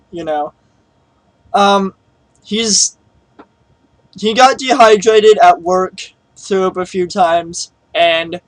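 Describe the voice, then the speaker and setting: A man's voice: high voice, no room sound, low-quality recording. A man telling a personal story in a casual vlog, rambling with lots of fillers and restarts. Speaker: vlogger.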